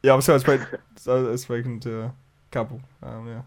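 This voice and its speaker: A man's voice: mid-range voice, level tone, moderate pace. A young man from Britain, co-hosting a podcast in a laid-back, laughing way. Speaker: podcast co-host. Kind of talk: casual chat.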